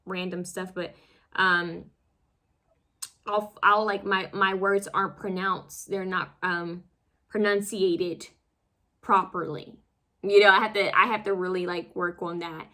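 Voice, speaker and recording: Bright-voiced woman giving a rambling card reading. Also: fairly low pitch, steady tone, a little slow. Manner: rambling, full of fillers and restarts; self-conscious, fumbles over words. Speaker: tarot card reader. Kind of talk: casual pick-a-card reading.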